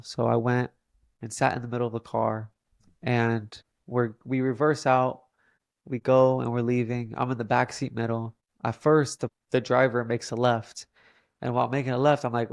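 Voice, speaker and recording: Young man with a gravelly voice. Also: mid-range voice, little pitch movement, normal speed, no room sound, clean studio sound. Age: young adult. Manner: earnest, frequent "like" fillers. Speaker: podcast guest. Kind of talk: casual storytelling.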